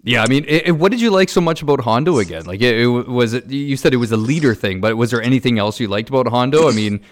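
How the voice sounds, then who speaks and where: A man's voice: medium pitch, quick pace. A man hosting a podcast in casual chat, steering the talk with loose, rambling questions. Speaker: podcast host.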